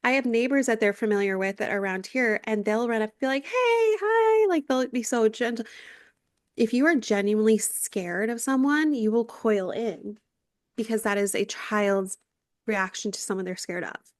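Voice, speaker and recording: A woman in her thirties co-hosts a casual podcast, telling a long story with lively energy and free swearing. She slips into the voices of the people she quotes. Her sound is dry and close to the mic, with no room around it. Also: mid-range voice, normal speed, dry recording. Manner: animated storyteller, swears freely, acts out quotes. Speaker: podcast co-host. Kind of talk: casual chat recapping a reality show.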